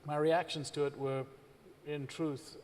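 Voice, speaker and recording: A man with a South African accent, a visiting reverend giving a candid personal testimony during a church service, speaking in a measured way with frequent pauses. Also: a little high, level tone, darkish tone, long reverb tail. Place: church stage.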